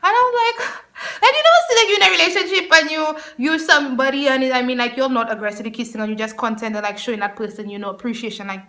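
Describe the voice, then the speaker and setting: A young woman telling a personal story to her camera, chatty and animated, breaking into laughter often. Her voice sits high and sounds bright and clear. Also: very fast, hardly any pauses. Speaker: vlogger. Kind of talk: storytime vlog.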